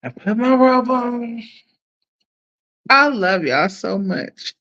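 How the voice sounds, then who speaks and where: A woman hosting a casual livestream, playfully chatting with viewers, shouting them out and laughing often. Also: on the high side, expressive, slow, highs cut off. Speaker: livestream host.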